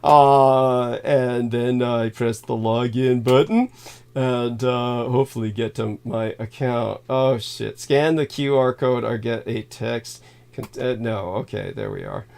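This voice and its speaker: Slow, halting man hosting a livestream. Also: medium pitch, steady tone, gravelly, a little mellow, clear, resonant tone. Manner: halting, filler-heavy, reads donor thanks aloud; given to sudden laughs and swearing. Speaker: livestream host. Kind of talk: rambling livestream monologue.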